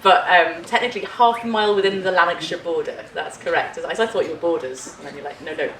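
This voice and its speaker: Woman, conference panel chair, lower voice, chatty and laughing, echoey hall, distant mic. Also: fast talker, a bit bright, slight background noise. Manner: chatty, laughing, lots of ums. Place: conference room.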